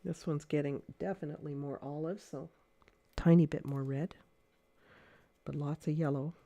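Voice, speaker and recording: A woman giving a casual livestream watercolor lesson, thinking aloud with many fillers in a gentle, encouraging way. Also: low voice, fairly even intonation, normal speed, gravelly, dry recording. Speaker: watercolor art teacher. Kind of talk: casual painting demonstration livestream.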